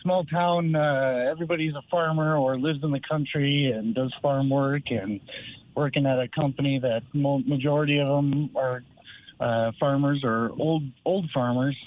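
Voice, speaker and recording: A man from a small town calling in to a radio show, speaking in a halting, hesitant way. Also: mid-range voice, steady tone. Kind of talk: phone-in chat. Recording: tinny phone line.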